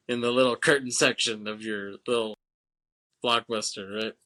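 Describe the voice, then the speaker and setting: Bright-voiced man laughing through a casual chat. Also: mid-range voice, steady tone, a little slow. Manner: laughs often, swears casually, acts out quoted movie lines. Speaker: podcast co-host. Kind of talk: casual chat recapping a film.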